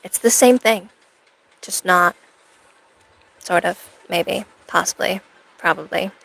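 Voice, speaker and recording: Rambling, playful woman streamer with vocal fry. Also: on the low side, slow pace, a bit bright, low-quality recording. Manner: rambling, playful, self-mocking asides. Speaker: cosplay streamer. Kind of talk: casual live-stream chat with viewers.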